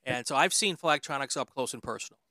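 A man's voice: mid-range voice, fast, pushed and bright, dry recording. A man hosting an interview podcast in casual chat, talking with frequent ums and uhs. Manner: hesitant, lots of ums and uhs. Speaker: podcast host.

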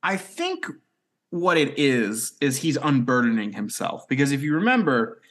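A man co-hosting a casual podcast, recapping plot points in a quick storytelling way. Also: mid-range voice, wildly swooping pitch, fairly bright tone. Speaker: podcast co-host recapping episodes. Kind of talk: casual chat.

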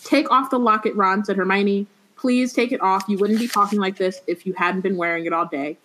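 A woman reading a novel aloud and breaking off to chat about it with friends, slangy and relaxed. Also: mid-range voice, a little fast, a little hiss or hum. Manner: reads passages then riffs with slang. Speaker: podcast host reading a book aloud.

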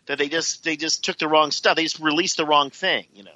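A man's voice: fairly high pitch, fairly even intonation, fairly quick, bright, forceful tone, no room sound. A man co-hosting a casual podcast chat, teasing and joking with the others. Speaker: podcast co-host. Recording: dry, dull lo-fi sound.

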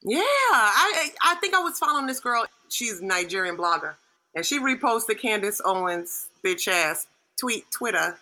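A woman from Brooklyn in casual chat, telling animated stories and acting out her relatives in voices. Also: a little high, normal speed. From Brooklyn, New York.

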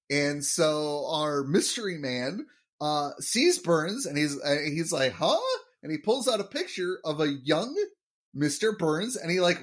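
A young man with a somewhat high voice chats loosely as a podcast host, rambling through an episode recap. He leans on fillers and laughs easily. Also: fairly bright tone. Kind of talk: casual chat recapping an episode.

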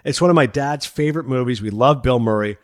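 Male podcast host, quick and eager, dry close mic. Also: mid-range voice, no echo. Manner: enthusiastic, laughs while talking. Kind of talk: film podcast chat.

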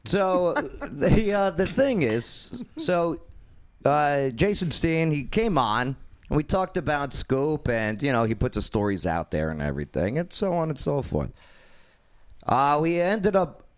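A man's voice: fairly high pitch, unhurried. A man hosting a casual talk show, telling a long story loosely with lots of fillers. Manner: rambling storyteller with many fillers, lively intonation. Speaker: podcast host.

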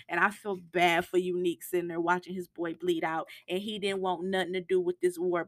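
A woman's voice: medium pitch, no echo, clean studio sound. A woman recapping a TV episode in a casual, emotional monologue with slang and cursing, acting out lines from the show. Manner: acts out quotes from the show, sometimes in a hushed voice. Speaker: TV recap podcaster.

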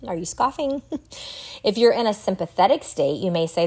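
A middle-aged woman hosting a solo podcast, talking in an earnest, reflective way with an occasional soft laugh. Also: mid-range voice, lively intonation, moderate pace, husky. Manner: earnest, reflective, laughs softly now and then. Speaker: podcast host. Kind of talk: solo podcast talk on wellbeing.

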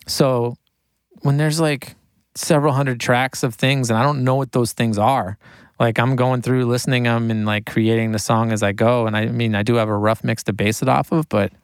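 A man, a guest talking about mixing records in a casual interview, rambling and animated and laughing often. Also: medium pitch, moderate pace, clear, resonant tone, dry recording, studio quality. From United States.

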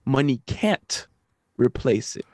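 A man co-hosting a podcast in casual chat, easygoing and halting, with laughing asides. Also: medium pitch, very animated, a little mellow, no room sound, studio quality. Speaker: podcast co-host.

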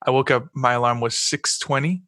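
A man's voice: mid-range voice, steady tone, fairly quick, pushed and bright, no room sound, clean studio sound. A man, a worship arts pastor, chatting as a guest on a podcast in a laid-back, easygoing way. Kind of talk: casual podcast chat.

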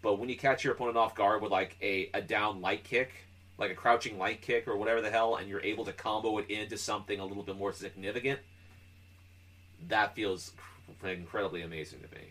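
A man's voice: lowish voice, fairly even intonation, fairly quick, a bit bright. A man co-hosting a casual gaming podcast. He explains things loosely, with plenty of filler words. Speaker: podcast co-host. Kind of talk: casual chat.

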